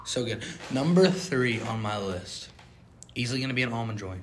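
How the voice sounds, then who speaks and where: A young man co-hosting a casual chat, animated and prone to sudden loud outbursts. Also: mid-range voice, moderate pace, very noisy. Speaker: co-host.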